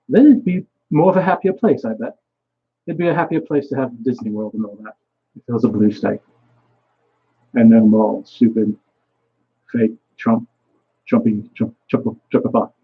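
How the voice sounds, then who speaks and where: A man's voice: mid-range voice, breathy edge, muffled recording. A young man vlogging a rambling solo monologue, swearing often and trailing off mid-thought.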